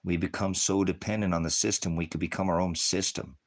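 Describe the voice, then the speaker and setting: A man hosting a ministry channel, ranting to his viewers from an off-grid homestead, heated and profane, bursting into shouts. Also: deep voice, fairly even intonation, a little fast. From United States.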